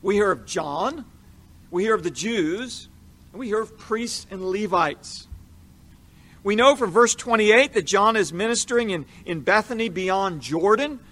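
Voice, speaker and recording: Bright-voiced man teaching scripture. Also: high voice, animated, unhurried. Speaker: Bible teacher.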